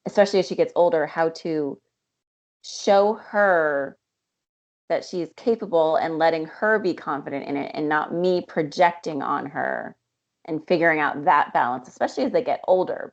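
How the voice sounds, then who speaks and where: A woman co-hosting a podcast, talking reflectively and at length. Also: low voice. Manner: reflective, rambling. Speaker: podcast co-host. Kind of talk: podcast conversation. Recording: dull lo-fi sound.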